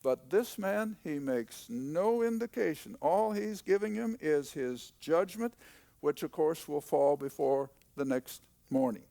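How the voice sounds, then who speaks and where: An older man teaches scripture in a folksy, emphatic manner, repeating what matters. His voice is gravelly and his pace unhurried. The sound is dry and close. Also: a little high, animated, mellow, dry recording. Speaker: Bible teacher. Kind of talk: conversational Bible teaching.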